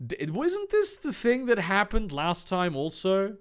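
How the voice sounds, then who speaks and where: A man's voice: sits high, huge pitch swings, a little slow, hardly any pauses, smooth. A man reading a fan fiction aloud in a comedic read-through, with sarcastic, mocking asides and frequent stumbles.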